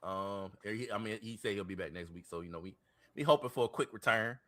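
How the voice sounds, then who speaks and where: Podcast co-host, male, low-ish bright voice, loose repetitive slangy delivery. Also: quick pace. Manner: rambling, repeats words, slangy. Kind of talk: casual chat.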